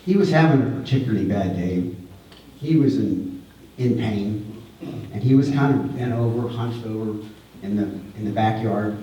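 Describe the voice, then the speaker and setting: A middle-aged man delivers a memorial eulogy in a mellow, darker voice, pausing and repeating himself as he speaks with feeling. He is heard from a distance in a large, very echoey hall, with a faint room hum behind him. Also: on the low side, dull audio. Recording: echoey hall, voice far from the mic.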